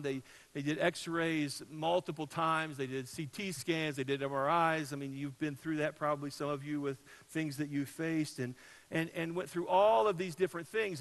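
Pastor man with a higher voice. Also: rough recording. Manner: conversational storytelling, building to loud peaks then dropping soft. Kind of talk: sermon.

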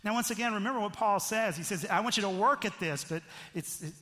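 A man's voice: sits high, fast talker, pushed and bright, big-room sound. A middle-aged man preaching a sermon as a pastor, in a conversational way that keeps checking in with the listeners. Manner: conversational, frequent "right?" asides.

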